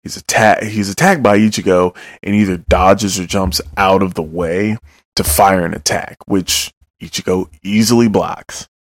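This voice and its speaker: A man's voice: low voice, fairly even intonation, a little slow, dry recording, clean studio sound. A man giving a loose, joking recap of manga chapters, with casual asides and some swearing.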